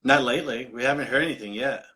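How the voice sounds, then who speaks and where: A man hosting a live-stream interview show, upbeat and quick to laugh. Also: medium pitch, sharp tone. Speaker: host and dance instructor.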